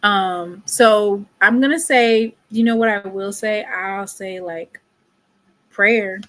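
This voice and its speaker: A woman commenting on a scandal in a slow, drawn-out way, exasperated and theatrical, with hushed whispered asides between her lines. Her pitch sits in an ordinary middle range. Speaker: commentary vlogger. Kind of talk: casual commentary.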